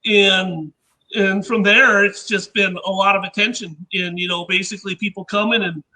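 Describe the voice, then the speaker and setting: A man with a squeaky, very high voice and a sharp, bright edge to it. He rambles through casual anecdotes as a guest inventor, slipping into the voices of people in his stories. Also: fairly even intonation, normal speed, poor audio. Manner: rambling anecdotes, acting out others' remarks. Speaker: podcast guest, inventor and engineer. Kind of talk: casual storytelling chat.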